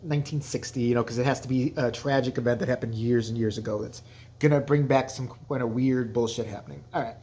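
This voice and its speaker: A man's voice: fairly high pitch, a little mellow, a little hiss or hum. A man hosting a casual movie review vlog, crude, rambling and jokey, acting out scenes in voices. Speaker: channel host, movie reviewer.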